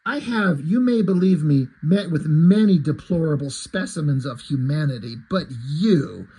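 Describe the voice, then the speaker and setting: A man reading aloud the lines of a sharp-tongued, proper Victorian woman from a comic, in a cutting, formal tone. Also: a little high, animated, normal speed, husky, poor audio.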